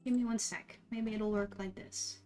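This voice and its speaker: A woman's voice: medium pitch, steady tone, moderate pace, warm tone. A woman with a Dutch accent, a streamer telling stories in casual chat, rambling with many restarts. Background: faint background music.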